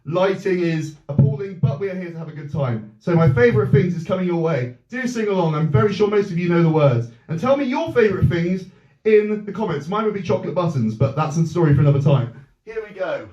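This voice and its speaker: A man's voice: sits high, animated, fairly quick, darkish tone, far from the mic, highs cut off. A man hosting a live online musicals show at home, chatty and self-mocking. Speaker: host. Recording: roomy echo, off-mic.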